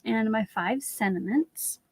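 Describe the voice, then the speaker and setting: A woman's voice: fairly high pitch, takes it slowly, slightly rough, dry recording. Casting note: friendly woman craft host, chatty live-stream demo, dry close sound. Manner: chatty, talks viewers through each step.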